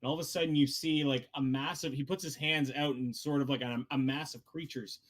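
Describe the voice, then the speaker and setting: A man's voice: medium pitch, fairly even intonation, fairly quick. A man running a tabletop game as game master, narrating loosely with many fillers.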